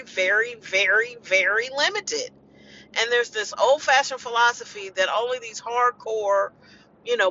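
A woman's voice: a little high, sharp tone, a little hiss or hum. A woman caregiver talking in a blunt, emotional monologue, venting with profanity as a podcast host. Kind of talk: impassioned personal monologue. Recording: dull lo-fi recording.

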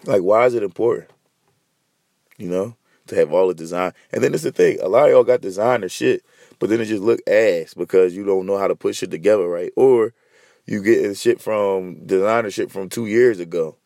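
A man's voice: fairly low pitch, a little fast, creaky, mellow, no echo, studio quality. A man hosting a podcast in a heated, profane, repetitive rant. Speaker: podcast host.

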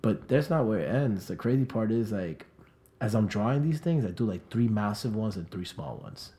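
A young man from South Florida recounts a party story in a relaxed podcast chat. He swears freely and keeps slipping into the voices of the people he quotes, talking the way friends talk across a table. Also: on the low side, moderate pace. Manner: animated, profane, acts out quoted voices.

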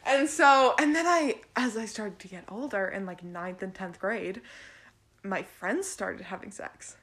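A woman's voice: medium pitch, a little slow, fairly bright tone. A young woman guesting on a podcast, chatting casually, giggling and saying "like" a lot. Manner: giggly, lots of "like". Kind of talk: casual chat.

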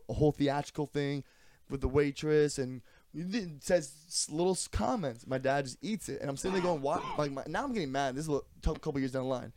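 A young man on a podcast tells a long story in a relaxed, middle-pitched voice. He swears freely and bounces into character for each quote. The sound is close and dry. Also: no echo. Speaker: podcast co-host. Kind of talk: casual chat, storytelling.

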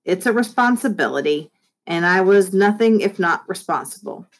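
A woman teacher reading a children's book aloud, speaking to the kids in a friendly, expressive way. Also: on the low side, moderate pace. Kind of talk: read-aloud storybook narration for children.

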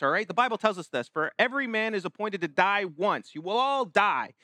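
A man gives a sermon in a relaxed, talky way, often starting phrases over and slipping into quoted voices. His voice sits high and bright. The sound is dry and close. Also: brisk, few pauses, no echo. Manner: conversational, with many restarts and acted-out quotes. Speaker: pastor.

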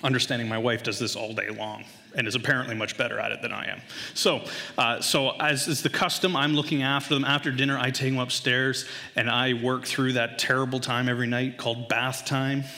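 Bright-voiced man telling a funny story. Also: brisk, gravelly, big-room sound. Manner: animated, voice jumps high when acting out panic. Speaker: father telling a story to an audience. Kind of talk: humorous personal storytelling.

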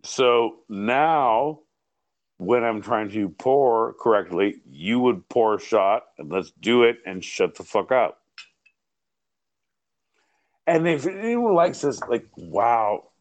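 A man's voice: mid-range voice, animated, takes it slowly. A man co-hosting a live podcast, rambling, joking and swearing in loose casual banter. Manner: rowdy, profane, rambling, joking. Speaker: podcast co-host.

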